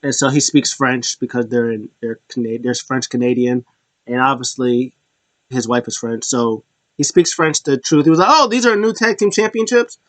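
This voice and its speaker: A man's voice: medium pitch, fairly even intonation, normal speed, dry recording. A man casually recapping a wrestling show, rambling with restarts and small chuckles.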